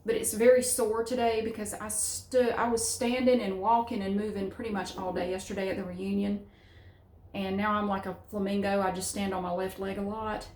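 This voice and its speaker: A woman's voice: medium pitch, flat delivery, moderate pace, a little mellow. A middle-aged woman with a Southern US accent chatting frankly to camera at home, rambling from one story to the next and cursing freely. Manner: rambling, frank, salty language. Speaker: vlogger. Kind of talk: casual chat to camera. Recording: roomy echo.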